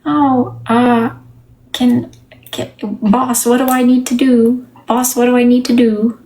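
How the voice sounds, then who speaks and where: A woman's voice: on the high side, flat delivery, slow, warm tone, a little hiss or hum, pitched above the performer's own voice, low-quality recording. A woman putting on the voice of a timid, eager young man asking his boss for permission, with a nasal tone. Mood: meek, eager.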